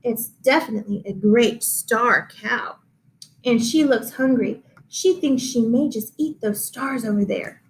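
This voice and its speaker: A woman voicing a proud, bossy female cow who moos her lines slowly. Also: a little high, a little hiss or hum, poor audio. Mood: excited. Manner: mooing, drawn out and indignant.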